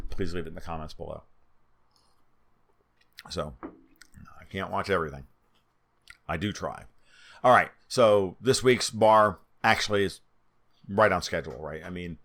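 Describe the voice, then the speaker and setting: A man's voice: low-pitched, a bit bright. A man with a New York accent and a nasal voice, talking through market charts in a twitchy, off-the-cuff way. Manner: twitchy, spitballing, restarts often. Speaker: market commentator. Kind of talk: solo market analysis over charts.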